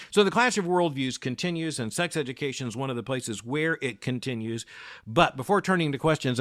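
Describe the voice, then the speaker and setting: A middle-aged man from the United States hosting a daily news commentary, speaking in a measured, emphatic way with deliberate pauses. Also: mid-range voice, fairly bright tone, no echo, clean studio sound. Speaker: podcast host.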